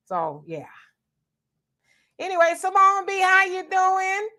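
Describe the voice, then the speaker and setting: A woman from Southern California co-hosting a live stream, chatting casually with viewers and telling animated stories. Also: very high voice, measured pace, long pauses. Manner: animated, talks straight to viewers, tells stories. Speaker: co-host of a live stream show.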